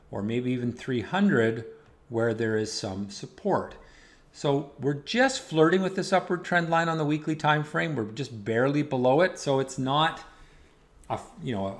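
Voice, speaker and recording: Man explaining stock charts steadily. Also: mid-range voice. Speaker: market analyst host. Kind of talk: weekly market commentary over charts.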